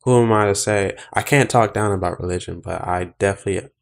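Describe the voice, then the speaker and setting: A man's voice: lowish voice, fast talker, vocal fry. A man hosting a podcast, talking in an earnest, reflective way that speeds up when he gets stirred. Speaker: podcast host. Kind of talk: casual conversation.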